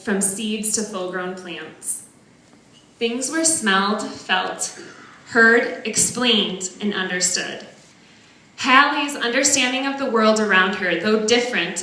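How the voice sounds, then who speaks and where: Bright-voiced woman speaking in an echoey hall. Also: mid-range voice. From northern Wisconsin. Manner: earnest, measured, heartfelt. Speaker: parent giving a benefit speech. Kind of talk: prepared speech read aloud. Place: large banquet hall.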